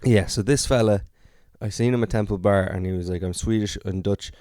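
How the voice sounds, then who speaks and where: Laid-back comic, lowish voice. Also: male voice, brisk, warm tone, no room sound, studio quality. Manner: laid-back anecdote telling, swearing. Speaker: podcast co-host. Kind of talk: casual banter.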